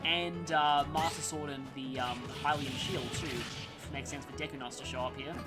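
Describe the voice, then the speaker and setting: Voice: mid-range voice, fairly even intonation, normal speed. A gameplay commentator talking casually over a let's-play, rambling through gaming trivia and side stories. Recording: game music playing under voice. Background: game music.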